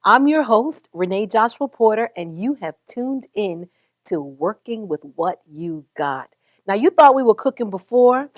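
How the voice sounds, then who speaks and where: A woman hosting a web talk show, lively and encouraging, laughing often with her guests. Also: mid-range voice, unhurried. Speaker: host. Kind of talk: upbeat cooking and interview show.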